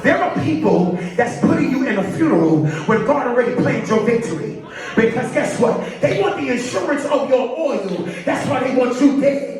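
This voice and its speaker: A man preaching a sermon in a church, calling out to the congregation and rising to shouts. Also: very high-pitched, sing-song, moderate pace, music in the background. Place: large church sanctuary. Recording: echoey church, far from mic, congregation.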